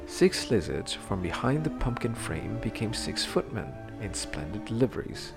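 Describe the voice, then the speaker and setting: A man reading a fairy tale aloud in a measured, expressive storybook manner. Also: fairly low pitch, gravelly. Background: music.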